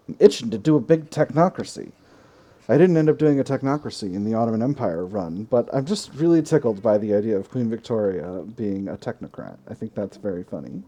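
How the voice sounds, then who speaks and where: A man hosting a let's play, thinking aloud in a relaxed way as he plays a strategy game. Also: fairly low pitch, fairly quick, a little hiss or hum. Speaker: gaming channel host.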